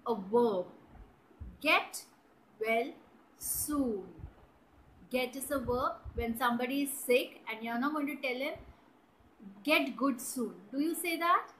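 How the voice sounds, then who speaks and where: Slow, bright-voiced woman teacher. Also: a little high, a little hiss or hum, rough recording. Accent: Indian English. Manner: spells out words and checks understanding with "right?" and "clear?". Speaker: English teacher. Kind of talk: slow, deliberate grammar lesson for children.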